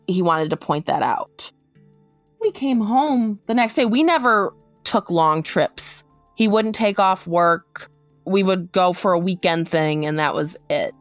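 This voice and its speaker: Woman, low pitch, personal testimony, emotional, acts out quotes, dry close sound. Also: expressive, no echo, soft background music. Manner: quick, emotional storytelling, acting out quotes. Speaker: interviewee recounting her story.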